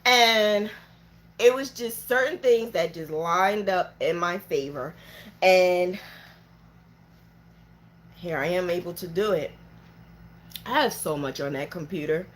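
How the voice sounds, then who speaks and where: A woman's voice: on the low side, slow, pauses often, a little hiss or hum. Earnest woman giving heartfelt business advice. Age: adult with children. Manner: earnest, repetitive, emotional. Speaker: small business owner giving mentoring talk. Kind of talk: heartfelt motivational vlog talk.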